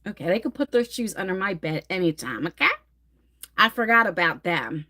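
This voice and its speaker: Chatty New Jersey woman, lively pitch. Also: fairly quick. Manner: rambling, chatty, reads comments aloud. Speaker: livestream host. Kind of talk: casual livestream chat.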